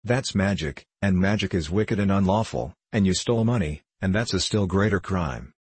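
A man's voice: low-pitched, normal speed, darkish tone, husky, no echo. A man voicing a small, prim sparrow in a storybook reading, scolding and moralizing.

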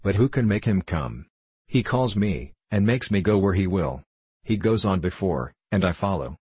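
A man with a very low, husky voice playing a simple-minded young man in an audiobook. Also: expressive, moderate pace, darkish tone, no echo, exaggerated voice.

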